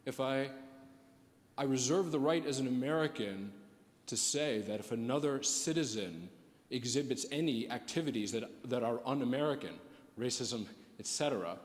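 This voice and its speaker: A man speaking on a panel, halting and repeating words as he thinks aloud. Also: medium pitch, lively intonation. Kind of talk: reflective live panel talk. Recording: reverberant hall recording.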